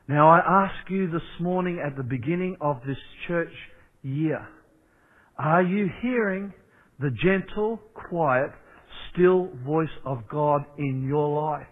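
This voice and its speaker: Pastor slow preaching man over a tinny radio line. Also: fairly high pitch. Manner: preaching with repeated rhetorical questions. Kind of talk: sermon. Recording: tinny phone-like radio broadcast.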